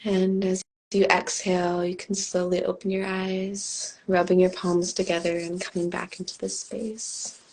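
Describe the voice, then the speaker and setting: Woman with a scratchy hoarse voice, low and gravelly, leading a calm slow meditation. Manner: slow, calm guiding cadence. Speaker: co-host and meditation guide. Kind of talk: guided meditation and casual chat. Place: home, on a live video stream.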